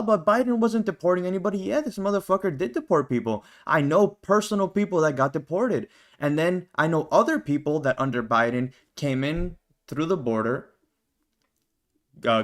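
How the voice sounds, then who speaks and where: A man's voice: mid-range voice, a bit bright. A man hosting a live stream, telling stories casually with some profanity and talking to his chat.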